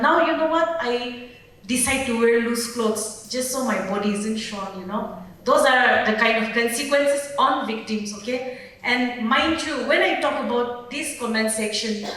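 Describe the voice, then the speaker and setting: A woman's voice: fairly high pitch, a bit bright. A woman from Nagaland, a journalist speaking earnestly and directly at a public panel, often asking the audience questions. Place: large event hall. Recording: very echoey hall, mic far off.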